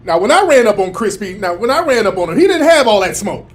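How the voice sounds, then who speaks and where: A man talks in a fairly high, lively voice. He delivers scornful, mocking commentary that swings up and down as he retells things. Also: fast, a faint crowd. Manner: animated, mocking, mimics others in a high crying voice.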